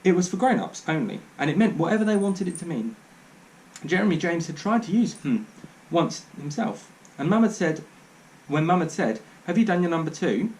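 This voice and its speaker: A man reads a children's storybook aloud, his voice rising and falling in lively swings. He sits a touch above the usual male pitch and narrates in a dry, wry way. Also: normal speed, low-quality recording. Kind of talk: reading a children's book aloud.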